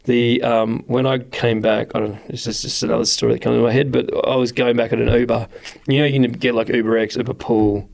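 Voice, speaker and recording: A young Australian man hosting a casual podcast chat, swearing freely and acting out the people in his stories with lively, animated delivery. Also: medium pitch, fairly quick, gravelly. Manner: swearing, animated storyteller who acts out voices. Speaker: podcast host.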